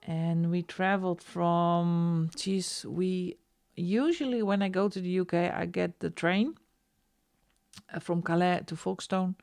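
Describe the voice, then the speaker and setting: While colouring on a live stream, a Dutch woman talks with her viewers in a low, steady, slightly slow voice with a darkish tone. She has a Dutch accent, comes from the Netherlands, laughs a lot and reads chat messages aloud.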